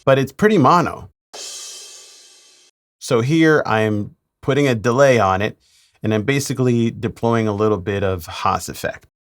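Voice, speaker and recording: A man, a mix engineer, talking through a mixing tutorial in a relaxed way with playful asides. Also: mid-range voice, moderate pace.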